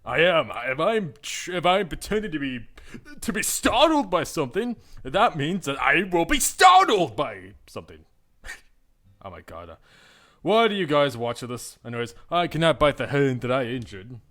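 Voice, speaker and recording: A man's voice: a little high, big pitch swings, moderate pace, a bit bright. A young man hosting a visual novel playthrough, reading aloud and cracking self-mocking jokes. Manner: joking, self-mocking, laughing often. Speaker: gaming channel host.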